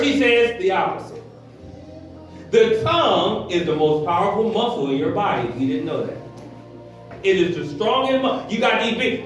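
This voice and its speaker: A man preaching a lively, animated sermon as pastor of a church, acting out voices as he goes. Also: extremely high pitch. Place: church hall. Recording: echoey hall, heard from far.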